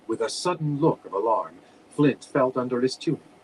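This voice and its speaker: A man reading a fantasy novel aloud at a steady, plain pace. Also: mid-range voice, moderate pace, slight background noise, low-quality recording. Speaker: audiobook reader.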